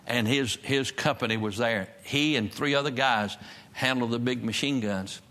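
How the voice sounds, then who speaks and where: A man's voice: mid-range voice, moderate pace, pushed and bright. A man preaching a sermon in a church service, emphatic and repeating his key phrases. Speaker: pastor.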